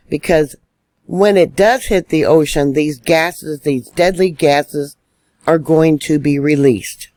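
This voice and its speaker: A man's voice: fairly high pitch, slow, darkish tone, no room sound. A man giving solo online news commentary, indignant and emphatic as he stresses warnings.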